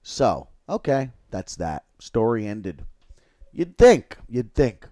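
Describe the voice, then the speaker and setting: A man hosting a livestream, telling a long, halting, rambling story with crude swearing. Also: on the low side, expressive, mellow, dry recording, clean studio sound. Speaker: livestream host.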